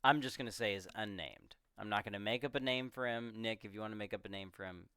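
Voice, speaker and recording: Smooth-voiced young man recapping a movie. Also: on the low side, bright, forceful tone, no echo, studio quality. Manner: rambling, swears freely, acts out scenes in quick voices. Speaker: podcast co-host. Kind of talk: casual movie discussion.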